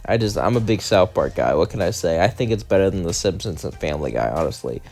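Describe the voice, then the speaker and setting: Blunt, opinionated man with a lowish voice. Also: expressive, quick pace, darkish tone, faint music behind. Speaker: channel host. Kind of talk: casual monologue and rant.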